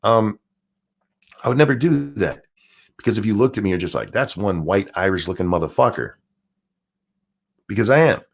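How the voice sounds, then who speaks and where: A man hosts his live stream in a loose, profane rant, mocking and joking as he goes. His voice sits low but swings wildly, leaping high for sarcastic asides and dropping back to a grumble. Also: animated, normal speed, creaky, long pauses. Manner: profane, mocking rant with sudden pitch jumps. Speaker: streamer and show host. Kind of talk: ranting live-stream commentary.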